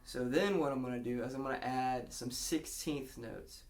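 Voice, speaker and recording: A man's voice: mid-range voice, moderate pace. A man giving a casual guitar lesson, explaining a strumming pattern and counting beats aloud. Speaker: guitar teacher.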